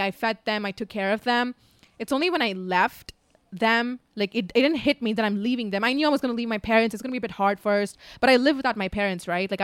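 A woman's voice: mid-range voice, a bit bright, clear, resonant tone, no echo. A woman in her twenties chatting casually, full of fillers and the odd swear. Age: 20s. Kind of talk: casual chat.

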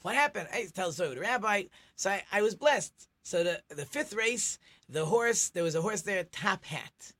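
A man's voice: high voice, expressive, normal speed, a bit bright. A middle-aged man, a rabbi hosting a radio talk show, chatty and teacherly, telling jokes.

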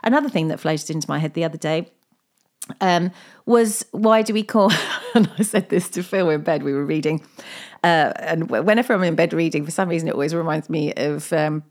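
A middle-aged woman with a slightly low voice chats on her own in a loose, meandering way. She strings anecdotes together and keeps breaking into laughter. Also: brisk, a little mellow. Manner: chatty, rambling anecdotes with frequent laughter. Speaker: podcast host. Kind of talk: casual solo chat.

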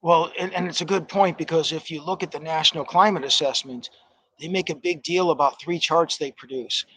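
A man on a discussion panel, arguing his case point by point in a somewhat high voice. The recording is dry and close. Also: fairly even intonation, brisk, pushed and bright, slightly rough, no echo, poor audio. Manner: argumentative, builds a point step by step.

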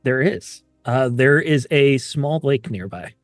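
A man's voice: medium pitch, expressive, slow pace, soft background music. A man running a tabletop superhero game as game master, with dry teasing remarks.

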